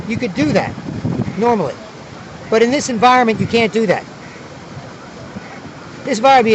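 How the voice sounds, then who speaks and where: High-voiced man rambling outdoors. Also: animated, normal speed, pauses often, background noise. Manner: rambling and repetitive, with many restarts. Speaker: vlogger. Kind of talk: casual outdoor monologue. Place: outdoors at a big city square by the water.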